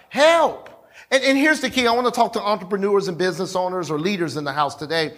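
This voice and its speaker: A pastor preaching a sermon in a church, talking conversationally, repeating himself and calling on the congregation. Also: male voice, high voice, quick pace, fairly bright tone. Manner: conversational, repetitive, calls on the congregation.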